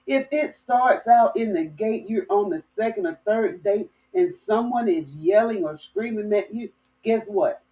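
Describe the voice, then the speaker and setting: Woman, from Florida, casual storytelling monologue, folksy, mellow, recorded from a distance. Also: medium pitch, unhurried. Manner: chatty, animated storytelling with folksy phrasing. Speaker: dating talk host.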